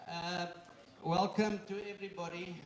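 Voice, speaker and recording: A man who chairs a company, giving a live welcome speech to an audience, joking and using halting fillers. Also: sits high, level tone, a crowd in the background. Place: indoor event room with an audience. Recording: echoey room, far from the mic, faint noise.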